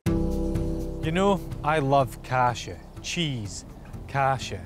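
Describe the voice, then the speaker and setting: A man's voice: medium pitch, lively intonation, drawn-out words, over music. A man presenting on location in a playful, punning way. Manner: punning, jokey.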